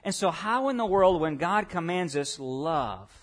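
Man, pastor, sermon in a church, fairly high voice, emphatic swings in loudness, questions to the congregation. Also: lively intonation, unhurried. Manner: swings between soft asides and raised emphatic preaching; talks to the congregation directly with questions.

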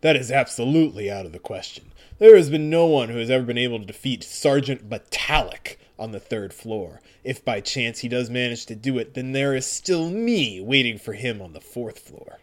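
A man's voice: medium pitch, lively intonation, moderate pace, few pauses, natural voice. Guy reading as a stiff smug general, bit boastful. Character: pompous male army general, self-assured.

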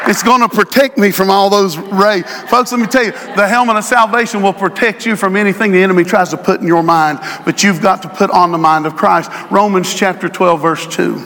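A middle-aged male pastor preaching to his congregation, drawing out phrases for emphasis and rising to shouts. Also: high-pitched, steady tone, fairly quick, hardly any pauses, some chatter behind, slight background noise. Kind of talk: sermon. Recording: long hall reverb.

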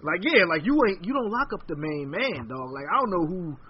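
A man hosting a podcast, chatting casually in an animated, slangy way. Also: fairly high pitch, brisk, a crowd in the background. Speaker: podcast host. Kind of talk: casual chat. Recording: dull lo-fi audio.

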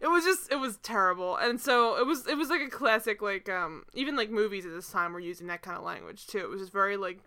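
A woman's voice: mid-range voice, quick pace, hardly any pauses. A woman co-hosting a casual podcast, recapping a TV episode with lots of laughing and swearing. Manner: laughing, profane, animated storytelling. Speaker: podcast co-host.

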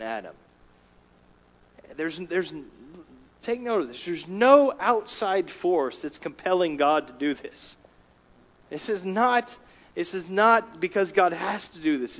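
A man preaching a sermon, emphatic, rising in volume for key words and dropping low and quiet between them. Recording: dull lo-fi sound.

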